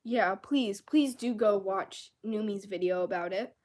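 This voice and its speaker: A woman's voice: medium pitch, unhurried, darkish tone. A young woman ranting angrily and with lots of swearing in a casual vlog, exasperated and fed up. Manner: angry, profane, exasperated.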